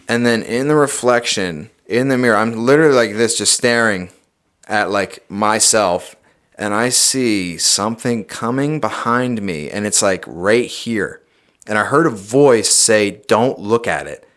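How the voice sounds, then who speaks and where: A young adult man, a podcast guest, telling a personal story in a casual, animated way, swearing often and saying "dude" a lot. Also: on the low side, normal speed.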